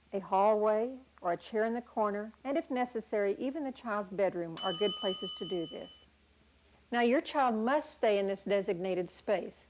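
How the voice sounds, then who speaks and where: A woman parenting expert giving calm, direct advice on discipline and answering a caller's question. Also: medium pitch. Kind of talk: instructional talk and call-in advice.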